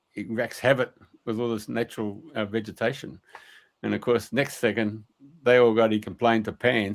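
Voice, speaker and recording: A middle-aged man, a radio guest, telling a story in a colloquial, rambling way, with many fillers and mild swearing. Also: mid-range voice.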